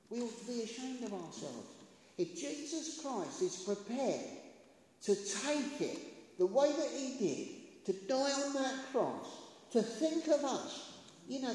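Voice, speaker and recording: A woman's voice: a little high, slight background noise. A woman preaching a sermon in an impassioned, conversational way, asking the congregation questions. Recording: echoey hall with long reverb.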